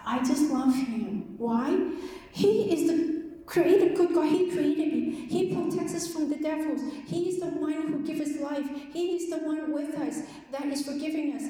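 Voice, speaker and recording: A woman who is an Orthodox nun shares a heartfelt, meandering spiritual talk, padding her thoughts with "you know" and "like". Her voice sits a little high yet sounds warm and soft. The recording is swamped by heavy echo and a long hall reverb, with a faint hiss underneath. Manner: earnest, rambling, with many "you know, like" fillers. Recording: very echoey room with long reverb and faint noise.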